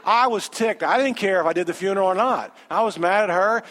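A man, a pastor telling a story in a sermon with animated, conversational quoted dialogue. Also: high-pitched, quick pace, hardly any pauses. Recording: long hall reverb.

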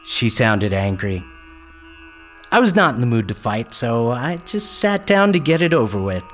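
A man telling a first-person story with a lively, wry delivery. His pitch rises and falls a lot as he narrates. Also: moderate pace, soft background music.

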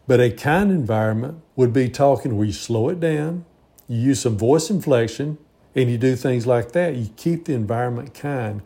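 A man's voice: mid-range voice, mellow. A man in his sixties giving an earnest, rambling reflective monologue with frequent restarts. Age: 60s.

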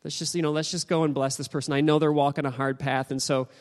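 A man's voice: fairly high pitch, level tone, quick pace, long reverb tail. A man preaching a sermon as pastor, earnest and encouraging, repeating his phrases.

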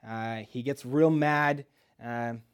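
A man preaching in a church, retelling a Bible story in a casual, joking way with rhetorical questions and quick asides. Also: medium pitch, steady tone, clear, resonant tone.

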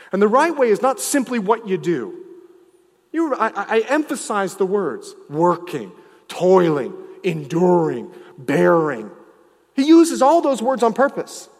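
A male pastor preaching a sermon, swinging from loud, emphatic lines to hushed, low ones. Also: in a large hall.

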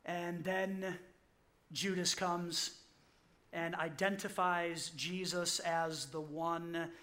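A pastor delivers a sermon in a high, bright voice. He narrates scripture like a story, acting out the quoted lines. He repeats his key point slowly. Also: flat delivery.

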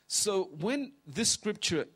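Speaking high and very animated, with a fairly bright yet slightly rough tone, a fifty-something pastor preaches in a large auditorium. His delivery is tearful and emotional, full of dramatic pauses and whispered moments.

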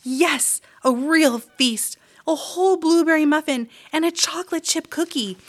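A woman's voice: high-pitched, very slow, voice pushed up, full character voice. A woman voicing a happy, carefree mother mouse who calls out eagerly. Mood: excited. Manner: bright, eager calling.

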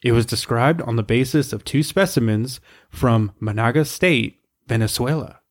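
A man co-hosting a podcast, reading research aloud in a steady way with wry asides. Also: mid-range voice, normal speed. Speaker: podcast co-host.

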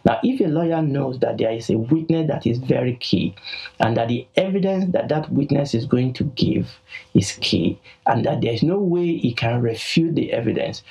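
Gravelly Nigerian man teaching the Bible. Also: medium pitch, warm tone, lo-fi sound. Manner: emphatic, slowing on key words. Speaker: pastor and podcast host. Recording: poor quality audio.

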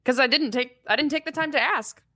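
A woman's voice: high-pitched, fairly quick, sharp tone, no echo, clean studio sound. A woman in her thirties co-hosting a parenting podcast, telling a candid story about her child in a reflective, self-mocking way. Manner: candid, reflective, laughs at herself. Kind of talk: casual conversational storytelling.

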